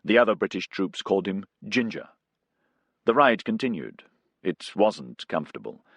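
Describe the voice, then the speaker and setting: Expressive low-voiced male audiobook narrator. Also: moderate pace, dry recording.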